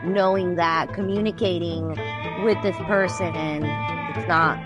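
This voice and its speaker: A woman's voice: fairly low pitch, steady tone, takes it slowly, over loud music. A woman in her forties, a guest artist and musician, talking candidly and rambling in a casual interview, with lots of "like". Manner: candid, rambling, heavy use of "like".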